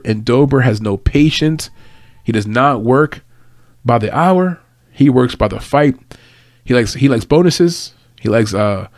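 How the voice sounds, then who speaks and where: A man's voice: mid-range voice, dry recording. Dry-voiced man hosting a fight-picks show. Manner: hyped, emphatic and punchy in the picks; loose, rambling and conversational. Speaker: host giving fight picks and betting tips. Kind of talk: casual podcast breakdown. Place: home office at a computer. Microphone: desk mic, no edits.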